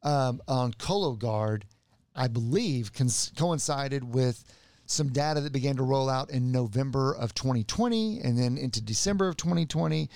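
A man's voice: medium pitch, moderate pace, a little mellow, dry recording. A man, a medical practitioner co-hosting a podcast, explaining earnestly with restarts. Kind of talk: casual podcast chat.

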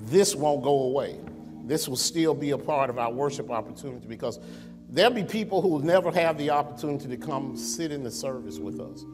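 A man's voice: mid-range voice, brisk. Male pastor, conversational sermon delivery, reverberant sanctuary with faint music behind. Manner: conversational preaching with rhetorical questions. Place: church sanctuary. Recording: long reverb in a church sanctuary.

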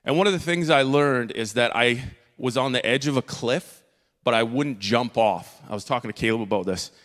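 Man, earnest church testimony, halting with fillers, mid-pitched voice, long hall reverb. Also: fairly bright tone. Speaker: church member giving testimony. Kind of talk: emotional spoken testimony. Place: church stage.

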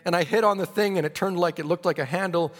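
A man's voice: high-pitched, fast talker, a bit bright, long reverb tail. A man preaching a sermon, telling a story dramatically and breaking into praise.

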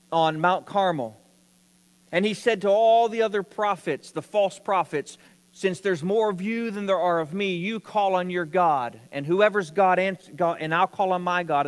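A man's voice: high voice, in a large hall. A man preaching a sermon, telling a story with rising emphasis.

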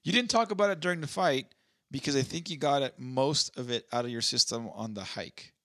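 A man's voice: mid-range voice, fairly quick, bright, forceful tone, no room sound, clean studio sound. A man co-hosting a podcast in casual chat, rambling with stumbling restarts. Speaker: podcast co-host.

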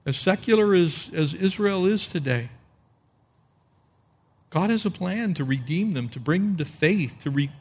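A man's voice: high-pitched, expressive, a little mellow, breathy edge. Man preaching with rhetorical questions. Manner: expository preaching, rhetorical questions, slows for emphasis. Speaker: pastor. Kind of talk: sermon.

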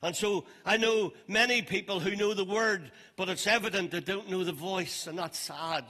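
An older man preaching a sermon as pastor, emphatic and stressing phrases slowly. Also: high voice, sharp tone. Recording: long reverb of a large hall.

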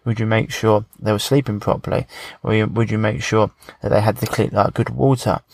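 A man's voice: on the low side, fairly even intonation, a little fast, creaky, a little mellow, no room sound. A man hosting a podcast, chatty and rambling as he talks about coaching. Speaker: podcast host. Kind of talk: casual podcast conversation.

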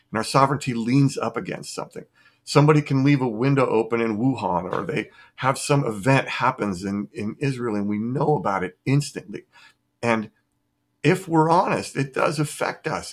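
Middle-aged man, mid-pitched, enthusiastic and philosophical podcast guest. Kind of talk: reflective conversation.

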